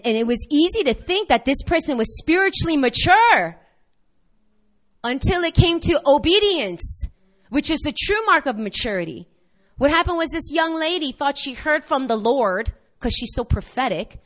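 A woman pastor delivers a sermon in a somewhat high voice. She tells stories animatedly, slipping into the voices of the people she quotes.

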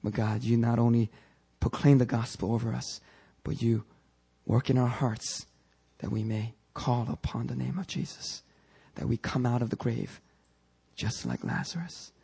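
A male pastor preaching a fervent sermon that rises into shouting, then leading prayer. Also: medium pitch, lively intonation, moderate pace, creaky, breathy edge.

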